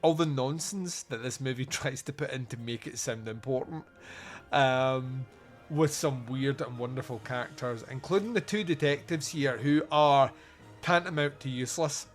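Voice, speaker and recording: A man's voice: mid-range voice, moderate pace, faint music behind. A Scottish man hosting a podcast in loose, jokey chat, rambling and laughing often. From Scotland. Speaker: podcast host.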